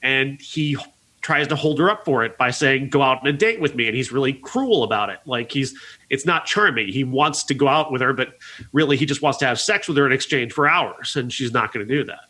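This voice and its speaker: On a casual movie review podcast, a film critic with a sharp, mid-range voice speaks fairly quickly and earnestly. He recounts the plot at great length, filling his speech with frequent "uh"s.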